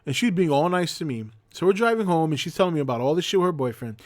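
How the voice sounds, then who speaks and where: Guy in his 40s telling a crude story on his stream, kinda high voice, dry close mic. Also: fast, dry recording. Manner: profane, animated anecdote telling. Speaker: host. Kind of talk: casual storytelling on a livestream.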